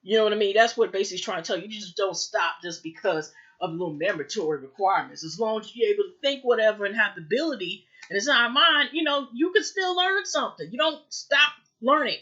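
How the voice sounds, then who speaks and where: A woman's voice: medium pitch, lively intonation, fast, sharp tone. A woman recapping a TV episode in casual chat, rambling with many fillers and acting out the characters' lines. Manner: rambling, heavy fillers, acts out dialogue. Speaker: TV recap reviewer. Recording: muffled lo-fi home recording.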